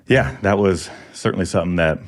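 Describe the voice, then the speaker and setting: A man guest sharing a personal faith story in casual conversation, reflective and halting, with many pauses and restarts. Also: low voice. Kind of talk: personal testimony in casual chat.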